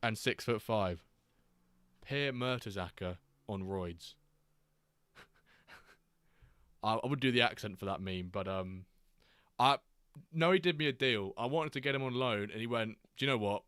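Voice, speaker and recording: A man hosting a live game stream, chatting casually, greeting viewers and reacting excitedly to player stats. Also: on the low side, clear, resonant tone, dry recording, studio quality. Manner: chatty, reacts to chat readers by name, quick excited asides. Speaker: streamer host.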